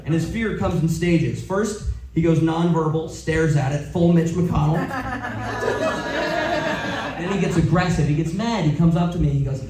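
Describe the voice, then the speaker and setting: A man's voice: a little high, measured pace, long pauses. Young male comic, casual crowd-work delivery, echoey distant club sound. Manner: joking, conversational crowd work. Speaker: stand-up comedian. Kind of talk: stand-up comedy set. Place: comedy club stage. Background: audience laughter.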